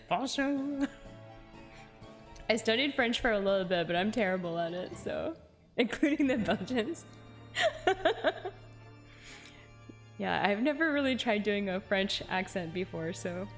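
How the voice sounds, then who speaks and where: A woman's voice: mid-range voice, lively intonation, unhurried, pauses often, soft background music. A woman streamer chatting casually and giggling while she plays a game, answering her chat.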